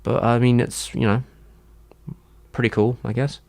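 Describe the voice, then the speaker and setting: A man's voice: mid-range voice, little pitch movement, measured pace, creaky, darkish tone. A man chatting casually on a livestream, answering his chat in a rambling, hesitant way with many fillers and restarts.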